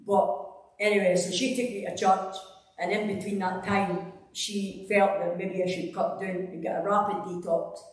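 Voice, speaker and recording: A Scottish woman gives a personal testimony during a church service, rambling conversationally with lots of fillers and restarts. Her mid-range voice is flat and at normal speed. The mic is distant in an echoey church hall.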